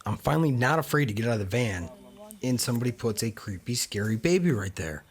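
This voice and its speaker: A man's voice: medium pitch, lively intonation, fast talker. A man hosting a travel vlog, talking casually with wry, candid asides. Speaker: travel vlogger.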